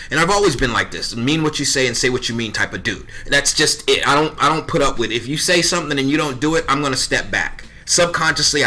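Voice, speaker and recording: Appearing as a podcast guest, a man in his thirties has a mid-range voice with a sharp tone. He tells a story bluntly in casual chat, swearing freely and acting out both parties in conversations.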